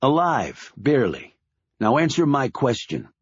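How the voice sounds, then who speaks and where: A man voicing an older bald security chief who questions calmly and probingly. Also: medium pitch, unhurried, breathy edge, no echo, highs cut off, voice pushed up. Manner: calm, probing.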